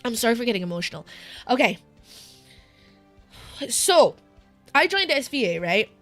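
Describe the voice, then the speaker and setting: British woman, young, sore throat, tearful, candid live-stream chat, soft music behind. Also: fairly high pitch, big pitch swings, moderate pace. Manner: emotional, tearful and candid, laughing between sentences.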